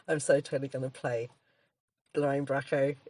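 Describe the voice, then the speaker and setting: A woman's voice: rumbling low, level tone, moderate pace, warm tone, a little hiss or hum. An Australian woman co-hosting a casual podcast, rambling chattily, often laughing and breaking off mid-sentence to restart. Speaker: podcast co-host, comedian. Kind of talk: casual chat.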